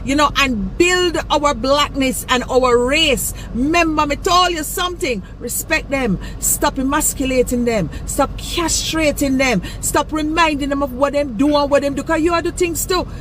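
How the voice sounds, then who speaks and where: A Jamaican woman with a high voice lectures emphatically and drives her warnings home. She speaks outdoors, and faint traffic hums behind her. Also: normal speed, few pauses, fairly bright tone, low-quality recording. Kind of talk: outdoor video rant.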